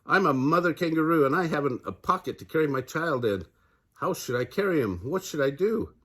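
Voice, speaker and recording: A man's voice: on the high side, unhurried, a little mellow, pitched above the performer's own voice. An older man voicing a worried, tearful mother kangaroo who pleads for help, reading a storybook aloud. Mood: pleading.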